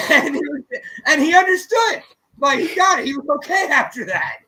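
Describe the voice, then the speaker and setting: Bright-voiced man telling animated stories. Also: very high-pitched, moderate pace, low-quality recording. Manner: animated, profane, acts out quoted voices. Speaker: co-host and musician. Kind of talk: casual radio chat, storytelling.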